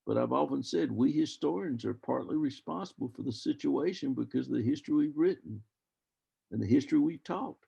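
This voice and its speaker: A man's voice: medium pitch, animated, brisk, gravelly, dark tone, breathy edge. An older man speaking as a guest historian on a video call, rambling and thoughtful with many restarts. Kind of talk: discussion over video call. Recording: dull lo-fi video call audio.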